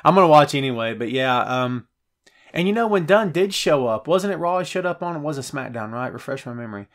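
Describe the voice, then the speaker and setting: A middle-aged man hosting a wrestling show, chatting casually and reacting excitedly to viewer comments, with a lot of filler words and restarts. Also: medium pitch, brisk. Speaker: wrestling podcast host.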